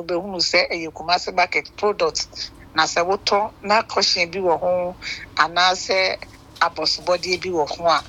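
A Ghanaian shop owner talks as a guest on a community radio show, making an earnest pitch at an even pace. The voice sounds bright and sharp. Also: slight background noise, rough recording. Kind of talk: promotional radio interview.

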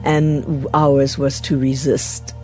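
Slow, deep-toned older actress recalling. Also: female voice, level tone, faint music behind. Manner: warm storytelling with laughs. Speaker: interviewee, actress. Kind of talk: interview recollection.

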